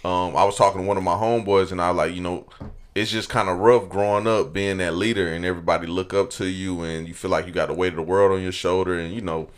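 Deep-voiced young man, laid-back storyteller. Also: steady tone, fast talker. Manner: laid-back, tells stories, asks the group questions. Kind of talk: casual chat, storytelling.

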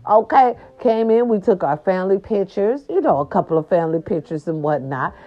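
A woman vlogger telling a chatty story to her viewers, animated and sassy, calling them "baby". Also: mid-range voice, fairly quick. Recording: dull lo-fi sound with faint music behind. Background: faint music.

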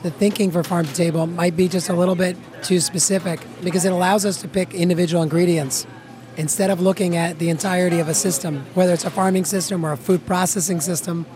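A man's voice: sits high, fairly even intonation, fast talker, a crowd in the background. A man, a chef, explaining his ideas earnestly in an interview in a busy restaurant kitchen. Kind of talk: interview answers.

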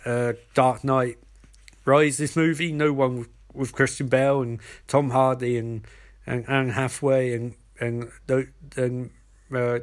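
A man giving a rambling, profane, comic recap of a TV episode in an offhand manner. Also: mid-range voice.

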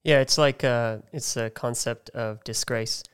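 A man hosting a podcast, calm and reflective, with brief affirming replies. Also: medium pitch, a little slow, clean tone. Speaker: podcast host. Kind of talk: casual chat.

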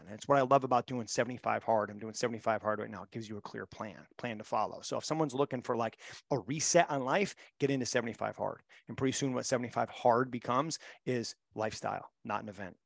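Gravelly, blunt motivational coach. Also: male voice, medium pitch, fast talker, no room sound, studio quality. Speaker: mental performance coach, guest. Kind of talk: podcast interview, storytelling.

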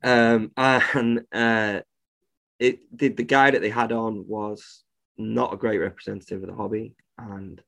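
A man's voice: lowish voice, fairly even intonation, a little slow, gravelly, a bit bright. A man, a reptile shop owner, talking bluntly and indignantly as a podcast guest and swearing freely. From United Kingdom. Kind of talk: casual podcast conversation.

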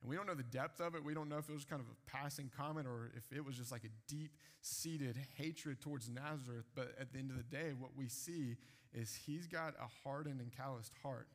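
A man's voice: medium pitch, a little fast. A man preaching a sermon, retelling scripture in casual everyday speech. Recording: long hall reverb.

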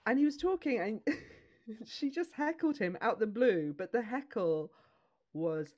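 A woman's voice: fairly high pitch, animated, unhurried, a little mellow, highs cut off. A woman comedian and mother chatting as a podcast guest, rambling and laughing through her stories. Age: adult with children. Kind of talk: casual chat over a remote call.

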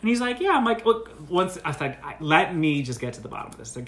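A man co-hosting a comedy podcast, telling a story in an animated way and acting out the quoted lines with big jumps in pitch. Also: fast talker, few pauses. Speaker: podcast co-host.

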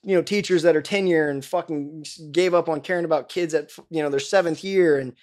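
A man's voice: a little high, brisk, a little mellow. A man as a podcast guest, ranting in a heated, profane way with many restarts. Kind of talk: casual podcast conversation.

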